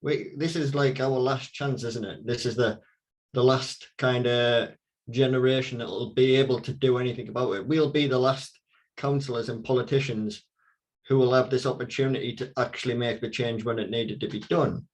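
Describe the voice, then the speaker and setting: A man speaks on a political panel as a councillor. He makes his case earnestly and with emphasis, at an ordinary pitch for a man. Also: steady tone, moderate pace.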